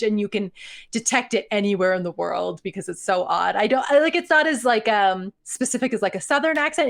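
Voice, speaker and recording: A young woman from Ontario, Canada, co-hosting a podcast in casual chat, animated and laughing often. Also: medium pitch, gravelly. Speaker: podcast co-host.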